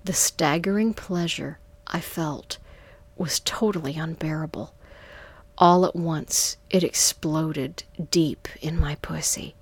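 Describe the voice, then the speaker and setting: A woman narrating a first-person erotic story in a soft, half-whispered, drawn-out delivery, close to the mic. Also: low-pitched, slightly rough, no echo.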